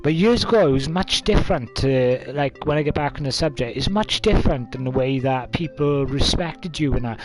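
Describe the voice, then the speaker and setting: A man's voice: mid-range voice, lively intonation, normal speed, hardly any pauses, over music. A man of twenty-five, telling a story casually to camera with lots of fillers. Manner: rambling, many fillers, coughs and laughs.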